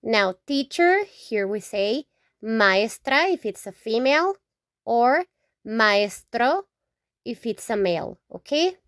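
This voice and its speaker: A woman speaks very slowly in a dry, close recording. She leads a patient beginner lesson, repeating each example word and checking in with "okay?" between them. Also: on the high side, sing-song, fairly bright tone, no room sound. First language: Spanish. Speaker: Spanish teacher. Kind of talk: slow alphabet lesson with repeated example words.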